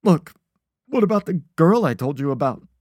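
A man voicing a pushy, cheerful teenage best friend who talks loudly and jokes around. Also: mid-range voice, animated, a little slow, no echo, studio quality. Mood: flustered.

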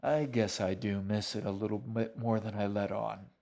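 A man's voice: on the low side, fairly even intonation, moderate pace, creaky, a little mellow. A man voicing a shaggy, wry man who talks in matter-of-fact grunts. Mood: wistful. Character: shaggy, wry older man, gruff but kindly.

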